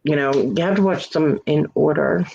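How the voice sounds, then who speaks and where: A woman hosting a casual live stream hangout, chatting in an animated way and laughing often. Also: low voice, moderate pace, creaky, highs cut off. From United States. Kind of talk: casual chat.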